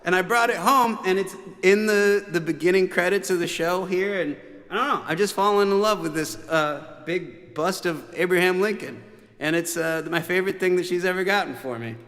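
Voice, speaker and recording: This musician's high-pitched, fairly bright voice carries at normal speed as he tells a family tale on his livestream, chuckling and rambling with many fillers and restarts. He's in a room called the bunker, and the sound has long reverb.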